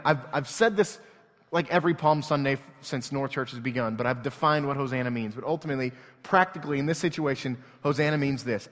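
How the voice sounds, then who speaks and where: A pastor preaching an earnest, emotional sermon that moves between hushed and loud passages. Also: male voice, medium pitch, brisk. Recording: long reverb from a large hall.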